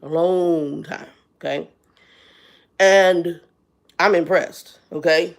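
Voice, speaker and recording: A woman in her fifties hosts a live stream and vents in a blunt, exasperated way, talking straight to her viewers. Her voice sits a little low for a woman. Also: steady tone, slow pace, vocal fry. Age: 50s. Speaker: channel host. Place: Arizona.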